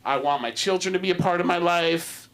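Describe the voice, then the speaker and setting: A man wraps up his open mic set on a club stage, talking softly and haltingly with plenty of pauses. His voice sits a little high for a man. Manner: halting, soft, many fillers. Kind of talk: stand-up closing remarks.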